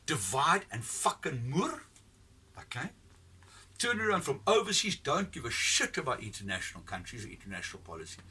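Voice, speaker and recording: Blunt, profane man ranting with lively pitch. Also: normal speed, husky, distant mic. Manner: blunt and profane, rambling with restarts. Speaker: commentator giving his opinion. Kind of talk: unscripted opinion rant. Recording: voice from off the mic with faint ambient noise.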